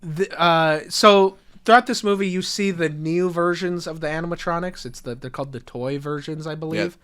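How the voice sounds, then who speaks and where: Speaking at a normal speed, this young male podcast co-host has a higher-leaning, clear, resonant voice. His casual chat is full of animated storytelling, cursing, and acted-out quotes.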